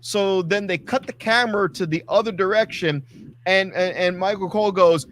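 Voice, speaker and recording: A man with a high-pitched, slightly bright voice co-hosts a casual wrestling talk show at normal speed, ranting with heavy swearing and acting out quotes. There's a little hiss or hum in the audio.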